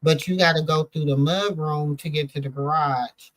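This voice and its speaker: A woman's voice: low voice, steady tone, moderate pace, poor audio. A middle-aged woman hosting a casual chat, telling stories in a loose, rambling way full of fillers. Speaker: host.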